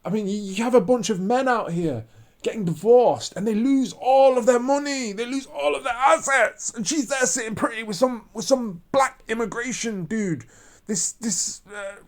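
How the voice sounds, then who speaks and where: A man's voice: very high-pitched, normal speed. A man ranting to camera in a preachy monologue, repeating his points with emphasis. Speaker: vlogger.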